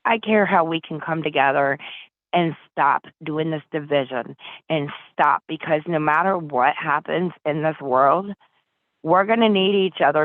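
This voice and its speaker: This low-voiced woman from Flint, Michigan is an interview guest pleading with urgency and emotion. She comes through a dry, tinny phone line without any echo.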